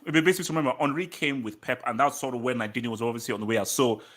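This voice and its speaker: A man's voice: medium pitch, very fast, crowd noise. A British man hosting a live football talk stream, reading chat messages and arguing his points emphatically, often repeating lines for effect.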